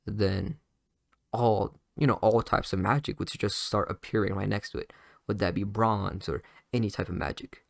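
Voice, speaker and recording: A young man improvises a retelling of a story, rambling along with lots of fillers and restarts. His voice sits low and has a gravelly edge. The recording is dry and close. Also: moderate pace, dry recording.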